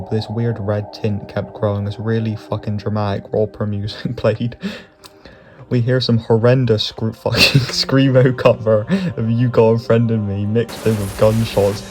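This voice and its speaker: A man giving comedic scripted narration, swearing often and chuckling through his lines. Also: fairly low pitch. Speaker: YouTube narrator.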